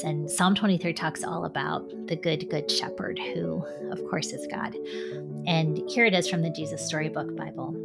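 A woman's voice: low-pitched, gravelly. A middle-aged woman giving an earnest, conversational faith testimony as an author and speaker. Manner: earnest, conversational, frequent "like" and "right?".

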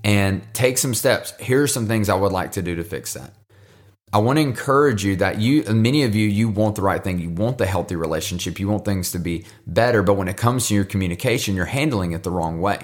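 A man's voice: fairly low pitch, a little fast. A man hosting a devotional podcast, talking casually and earnestly, encouraging listeners and often repeating words as he goes. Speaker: podcast host.

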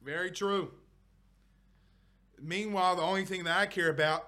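A man's voice: high-pitched, steady tone, moderate pace, pushed and bright, no room sound. A young man hosting a casual sports podcast, exclaiming and swearing as he reads viewer comments. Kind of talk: casual live-stream chat.

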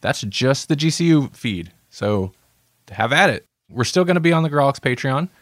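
A man's voice: medium pitch, animated, normal speed, a bit bright, dry recording, clean studio sound. A man hosting a podcast in casual chat, joking and rambling with frequent laughs. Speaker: podcast host.

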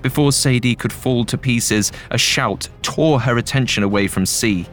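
A man narrating a scripted horror story in a measured, even way. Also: medium pitch. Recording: faint music bed.

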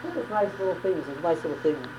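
A woman's voice: fairly low pitch, very animated, quick pace, background noise. A woman teaching a religious class on prayer, talking emphatically and often repeating words and restarting phrases. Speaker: Torah teacher.

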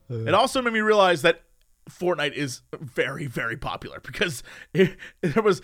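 A man from Los Angeles co-hosting a casual chat, animated and joking, laughing often. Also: sits high, normal speed.

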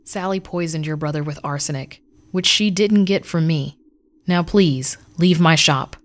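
A woman's voice: sits low, unhurried. A woman voicing a cool, fierce female witch who runs a shop in an audio story. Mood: calm.

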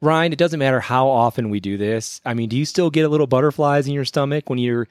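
A man co-hosting a podcast, telling a story in lively casual chat, his voice jumping up for effect. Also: mid-range voice, quick pace, clear, resonant tone, no echo, clean studio sound. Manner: animated storyteller, voice jumps up for effect. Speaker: podcast co-host.

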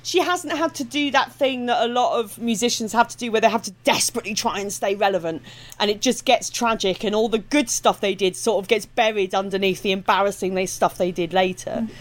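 A woman's voice: mid-range voice, a little fast. A middle-aged woman from Kent with an Estuary English accent, a guest comedian chatting casually and laughing often, with lots of fillers. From Kent, England. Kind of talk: casual podcast chat.

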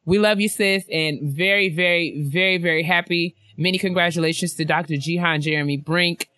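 A young woman co-hosting a laid-back chat show, reading listener messages with animated asides and easy laughter. Her voice is bright and crisp. The recording is close and dry. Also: fairly low pitch, fairly quick, no echo. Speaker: podcast co-host.

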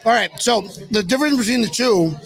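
A man with a high, gravelly voice tastes wings and gives blunt verdicts, swearing freely. A loud party crowd fills the space behind him. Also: lively intonation, fast, over music. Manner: blunt, swearing, food tasting. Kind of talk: casual chat.

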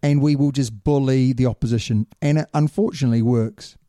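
A man's voice: medium pitch, fairly quick, no echo, studio quality. A man hosting a rugby talk show in casual, opinionated chat, calling his co-host mate. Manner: animated, opinionated, says "mate".

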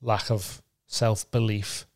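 A man's voice: on the low side, level tone, takes it slowly. A man co-hosting a podcast, a comedian in casual chat, self-deprecating and rambling with lots of fillers.

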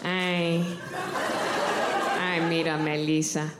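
A woman's voice: flat delivery, slow pace, echoey room, heavy background noise. Woman doing a cooing ancient abuelita. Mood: doting. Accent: Mexican Spanish. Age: over 60. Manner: low murmuring coos. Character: very old grandma, doting, mumbling. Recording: loud crowd laughter.

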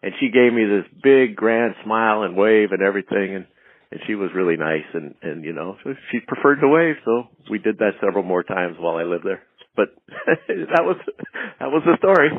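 Husky-voiced man telling anecdotes over a phone line. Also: on the low side, normal speed, no room sound. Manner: animated, acts out quoted lines in a raised voice. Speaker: interview guest. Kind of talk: anecdotal storytelling. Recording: tinny phone-line audio.

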